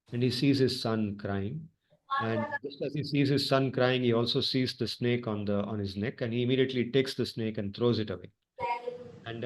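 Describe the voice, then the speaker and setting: A man teaches a scripture class by telling stories with plenty of expression. He slips Hindi phrases into his English, and his voice sits at a middle pitch.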